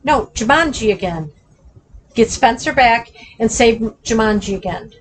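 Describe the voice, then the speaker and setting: A woman co-hosting a casual movie chat, direct and quick to push back on her partner. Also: a little high, animated, a little hiss or hum, poor audio. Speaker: co-host.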